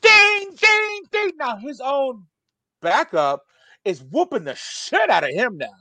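A man in his forties tells a profane, animated story, jumping into the voices of the people in it. His voice sits high for a man. The sound is dry and close to the mic. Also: measured pace, slightly rough, no echo. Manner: profane, animated, acts out quotes. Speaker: storyteller guest. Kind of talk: casual podcast storytelling.

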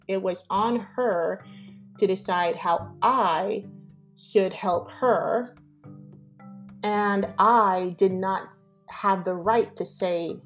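A woman hosting her podcast in a candid, emphatic solo monologue that often acts out dialogue. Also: mid-range voice. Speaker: podcast host.

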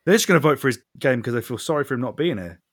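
A man's voice: mid-range voice, expressive, racing, slightly rough, no echo, studio quality. A man hosting a podcast in casual chat, with sweary, mock-grumpy banter. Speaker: podcast host.

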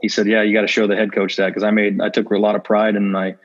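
In fairly low, monotone tones and at a quick pace, a man speaks as a podcast guest. He's an assistant football coach, candid in this casual interview, playing out past conversations as he recounts stories over dull lo-fi sound.

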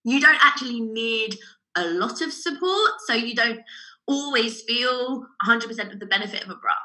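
A woman who works as a bra fitter, telling animated stories in a casual podcast chat. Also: fairly high pitch, moderate pace, rough recording. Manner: animated storyteller who acts out customers' voices.

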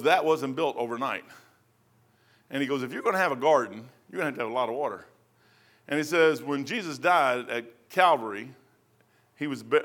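A man, preaching in a folksy, storytelling way and acting out the voices of people in his anecdotes. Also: high voice. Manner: animated, acts out voices in anecdotes.

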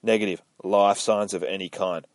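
A man's voice: deep voice, fairly even intonation, normal speed, no echo, pitched below the performer's own voice, natural voice. A man voicing a male combat-suit AI, clipped military reports, dry sound. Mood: reporting.

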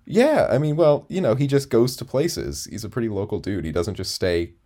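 A man's voice: medium pitch, lively intonation, normal speed, mellow. A man in his twenties telling a long story in a casual chat, rambling with lots of fillers and restarts. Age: 20s. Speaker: podcast co-host.

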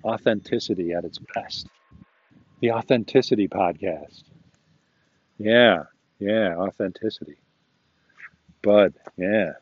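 A man's voice: lowish voice, slow pace, long pauses, husky, no echo. Rambling man on a muffled walking podcast. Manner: chatty and self-talking, chuckles often. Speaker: podcast host. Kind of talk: rambling casual monologue. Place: outdoors, walking a dog.

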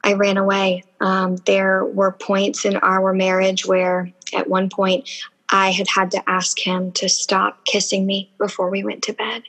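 A woman speaking earnestly and emotionally in an intimate podcast conversation, slow and deliberate. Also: mid-range voice, monotone, fairly bright tone, low-quality recording.

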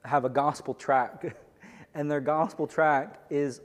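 A man's voice: fairly high pitch, fairly even intonation, slow pace, in a large hall. A man commenting casually and earnestly on a sermon, quoting Bible verses. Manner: earnest, casual, quotes scripture. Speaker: host commenting on a sermon clip.

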